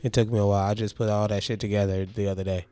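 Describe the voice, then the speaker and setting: A man's voice: fairly low pitch, flat delivery, very fast, warm tone. A man co-hosting a podcast in laid-back casual chat, often chiming in with short agreements. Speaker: podcast co-host.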